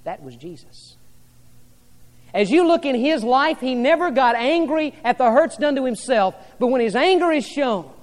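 A male pastor preaching a sermon to a congregation, rising loud and dropping soft by turns. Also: extremely high pitch, sing-song, normal speed, long reverb tail. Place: church hall with an audience.

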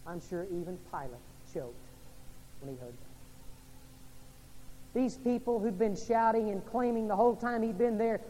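A male pastor delivering a sermon, swinging from loud emphasis down to quiet, hushed lines. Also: high voice, normal speed, pauses often, slight background noise. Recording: reverberant hall with faint ambience.

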